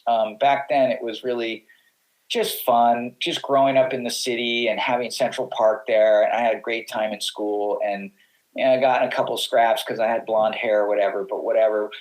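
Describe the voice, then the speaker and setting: A man's voice: mid-range voice, flat delivery, moderate pace, poor audio. Man rambling through stories. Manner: rambling, with restarts and acted-out quotes. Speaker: podcast guest, pro surfer. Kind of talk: casual storytelling.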